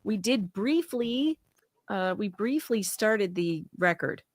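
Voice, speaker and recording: A woman's voice: mid-range voice, expressive, no echo. A woman co-hosting a live stream, reading a transcript aloud in a playful, casual way. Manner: playful, quick, reads aloud.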